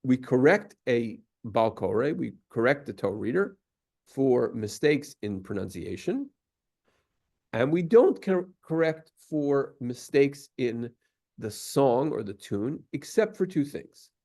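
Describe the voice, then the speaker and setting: A synagogue teacher explains Torah cantillation slowly and patiently, now and then breaking into short sung examples. He has a medium-pitched, mellow voice with a sing-song quality.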